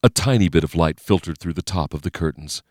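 Deep male narrator, steady and measured, dry close-mic sound. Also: no echo. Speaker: audiobook narrator. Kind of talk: scripted narration.

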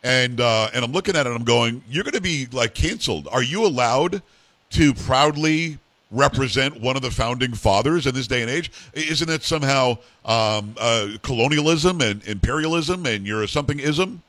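A man hosts a talk show in a conversational, rambling way, teasing his guest now and then. His voice sits at an ordinary pitch and sounds close and dry, with no room sound around it. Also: moderate pace, a bit bright, no echo. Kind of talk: casual interview chat.

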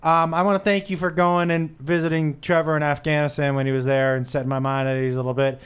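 A man's voice: on the high side, fast, clean tone. A man hosting a podcast, chatting casually and teasing his co-hosts. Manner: teasing, animated banter. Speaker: podcast host. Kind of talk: casual comedic chat.

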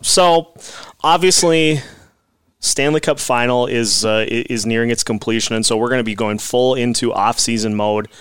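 A relaxed male host chatting on a sports podcast. His voice sits at an ordinary middle pitch and sounds close and dry, with no room around it. He rambles a little and fills gaps with "uh" and "um.". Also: normal speed, clean tone, no room sound. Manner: easygoing, rambling with fillers. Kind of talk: casual podcast chat.

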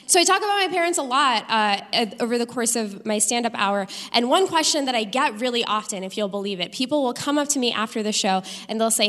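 A woman's voice: fairly high pitch, fast, few pauses. Young woman doing punchy stand-up on stage. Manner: animated, punchy comic delivery. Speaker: stand-up comedian. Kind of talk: live stand-up set. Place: comedy stage before a live audience. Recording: live stage recording with long hall reverb.

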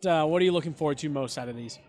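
A man's voice: on the high side, very fast, a little mellow. A man hosting a sports podcast, chatting casually, rambling with restarts and frequent laughs. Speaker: podcast host.

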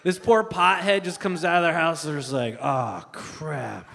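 A man doing a stand-up comedy routine, telling a family story with lively acted-out voices. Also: fairly quick, creaky, big-room sound. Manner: animated storytelling, acts out family members in high voices.

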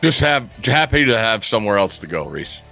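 Brief: low-pitched male co-host, bright edge, dry close sound, rambling. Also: fairly quick, vocal fry, faint music behind. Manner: relaxed, rambling with repeats. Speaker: podcast co-host, betting analyst. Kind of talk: sports podcast chat.

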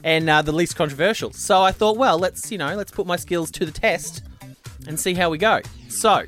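A man hosting a casual podcast chat, playful and quick to laugh as he tries out foreign at a studio table. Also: sits high, a bit bright, soft background music. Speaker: podcast host.

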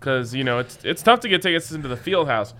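A man's voice: mid-range voice, lively intonation, fast talker, bright, forceful tone. A man co-hosting a casual sports-betting podcast, talking in wry, joking banter. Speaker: podcast co-host. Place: studio in Colorado.

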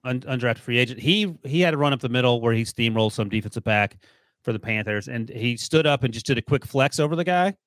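A man in his forties with a mid-pitched voice who talks fast and bluntly, cracking jokes in casual sports talk. The recording is dry and close. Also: animated, fairly bright tone, no room sound. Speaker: podcast co-host.

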